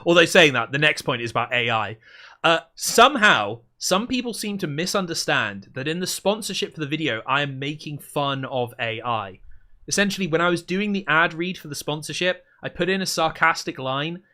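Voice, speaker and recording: A man hosting a casual livestream, talking in a dry, deadpan way and rambling as he thinks aloud. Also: on the high side, normal speed. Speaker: livestream host.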